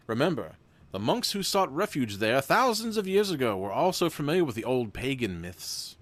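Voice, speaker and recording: A man's voice: mid-range voice, sing-song, normal speed, no room sound, pitched above the performer's own voice, lightly acted. A man reading out the lines of a suave middle-aged male historian in his own plain voice, with no accent attempted. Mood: smooth.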